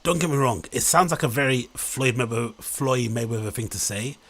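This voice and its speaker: Male host, husky voice, incredulous rambling reaction commentary. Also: medium pitch, normal speed, a bit bright. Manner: incredulous, rambling, mock-enthusiastic.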